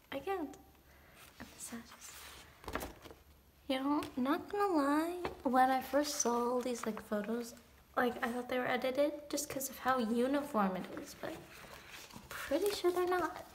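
A young woman unboxing an album in a casual vlog, gushing with delight and swinging between excited squeals and hushed whispers. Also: high-pitched, moderate pace, a little hiss or hum.

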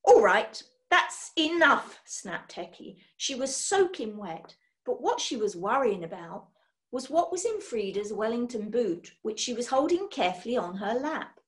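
Expressive woman reading a storybook. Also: on the high side, normal speed. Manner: expressive, swings between loud and hushed. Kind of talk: reading a children's book aloud.

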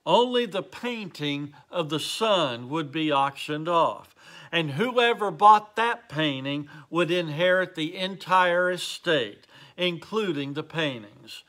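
A man's voice: on the high side, animated, takes it slowly, bright, forceful tone, exaggerated voice. A man voicing a persistent male auctioneer calling for bids, formal and insistent, in a story.

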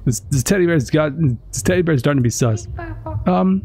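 Excitable, swearing gaming commentator. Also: mid-range voice, fast talker. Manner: excitable, profane reactions. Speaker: gaming streamer. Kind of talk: let's play commentary.

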